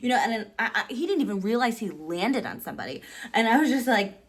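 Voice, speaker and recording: A woman in her thirties telling a personal story in casual vlog style, animated and full of "like", acting out quotes with sudden pitch jumps. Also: fast, slightly rough. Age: 30s. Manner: animated, heavy use of "like". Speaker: vlogger.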